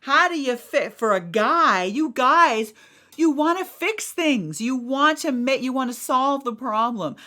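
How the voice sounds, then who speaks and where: A woman's voice: sits high, expressive, a little slow, bright, forceful tone. A middle-aged woman hosting a podcast, talking frankly and animatedly, swearing freely and acting out what others say. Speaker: podcast host. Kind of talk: casual talk.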